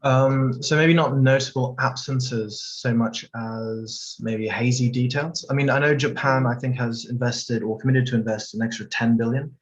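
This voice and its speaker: A man's voice: medium pitch, fairly even intonation, moderate pace, few pauses, muffled recording. A man on a video call discussing climate finance in a live online panel, hesitant and hedging with lots of fillers. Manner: hesitant, full of fillers and hedges.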